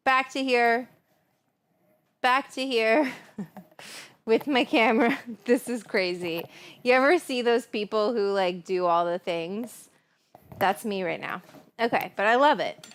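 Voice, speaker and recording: Slow-talking giggly woman cooking host. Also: mid-range voice. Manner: chatty, giggly, savoring food aloud. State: stoned. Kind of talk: casual livestream cooking chat. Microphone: clip-on mic.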